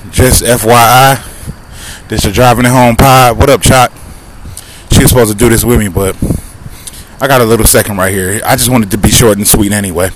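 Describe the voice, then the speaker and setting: Walking outside by a road, a Southern-accented man hosts a relaxed podcast monologue in a medium-pitched voice. He talks with emphasis and throws out one rhetorical question after another, with cars passing and light street noise in the background.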